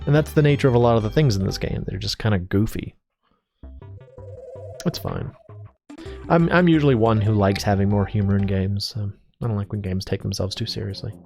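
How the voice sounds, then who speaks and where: A man's voice: fairly low pitch, a little fast, vocal fry, darkish tone. A man casually commenting on a video game as he plays, rambling, joking and self-deprecating. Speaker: let's play host. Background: faint game music.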